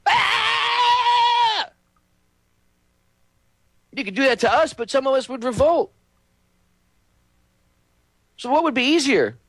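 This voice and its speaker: A high-voiced man delivers a heated political rant, hammering listeners with repeated rhetorical questions. His voice sounds close and dry, with no room around it. He speaks as the host of his own show. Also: lively intonation, moderate pace, long pauses, a bit bright, dry recording.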